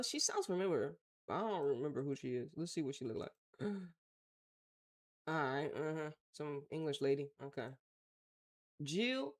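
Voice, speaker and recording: A woman's voice: low voice, darkish tone. A woman with an American accent hosting a casual talk show, reading news aloud and reacting bluntly in slangy, offhand remarks. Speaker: host.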